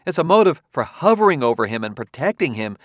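A man's voice: fairly high pitch, big pitch swings, fast, no echo, pitched above the performer's own voice. A man reading an audiobook, voicing a plump, scornful woman who taunts and mocks in a raised voice. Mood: indignant.

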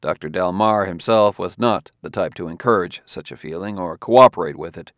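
A man narrating a story in a steady, even storytelling manner. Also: low-pitched, normal speed, dry recording, studio quality. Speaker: audiobook narrator. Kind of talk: scripted narration.

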